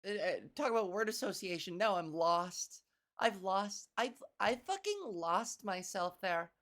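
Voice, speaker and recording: A hoarse woman hosting a casual solo comedy podcast, rambling and profane, often clearing her throat and playing with the pitch of her voice. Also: expressive, a little slow, a bit bright. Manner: frequent coughs and throat clearing.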